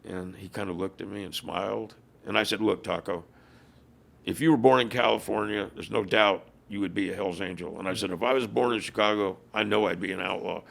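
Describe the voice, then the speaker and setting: A man's voice: lowish voice, steady tone, brisk, fairly bright tone. An older man, a former biker club leader, telling stories in an interview and acting out what people said. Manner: gravelly, acts out quoted dialogue. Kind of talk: storytelling in a podcast interview.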